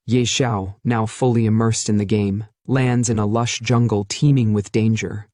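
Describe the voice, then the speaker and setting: A man's voice: fairly low pitch, steady tone, normal speed, few pauses, mellow, dry recording, studio quality. A man narrating a comic recap as dramatic storytelling.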